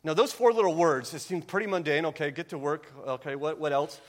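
A man's voice: fairly quick, big-room sound. A man preaching a conversational sermon, often asking "right?" and acting out quoted voices. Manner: acts out quoted voices with rising pitch. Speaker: pastor.

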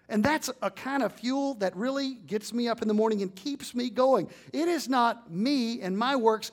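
A man preaching a sermon as pastor, building to emphatic peaks and leading the congregation in call-and-response. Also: high-pitched.

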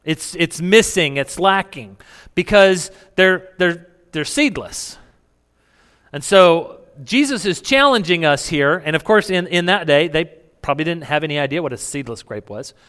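A pastor preaches a conversational sermon in a reverberant hall, asking the congregation questions, chuckling between points, and restarting often. His voice is on the high side, expressive, a bit bright and smooth, at a normal speed.

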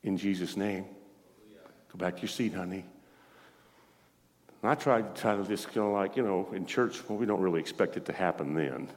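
A man's voice: sits low, a little fast, in a large hall. A man preaching a sermon as pastor, telling a story animatedly, acting out the dialogue and laughing often. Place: church.

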